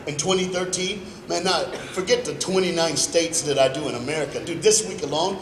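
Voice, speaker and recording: A man's voice: a little high, fairly quick, slight background noise. A middle-aged man giving an emphatic, storytelling motivational speech at a school assembly, recorded in a gym from the audience. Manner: emphatic, storytelling, builds to loud bursts. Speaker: motivational speaker. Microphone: phone in the audience. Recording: echoey gym recorded from far off.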